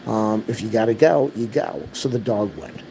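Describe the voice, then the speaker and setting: Gravelly man, venting story to camera, constant background noise. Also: fairly low pitch, moderate pace. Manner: exasperated, repetitive storytelling. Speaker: vlogger. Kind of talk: casual rant to camera.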